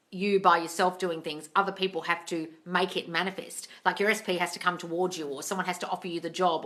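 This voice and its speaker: A woman hosting a livestream Q&A from a room at home into a tablet, animated, swearing freely and calling listeners darling. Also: on the low side. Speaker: host answering viewer questions. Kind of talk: livestream Q&A chat. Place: room at home with door open.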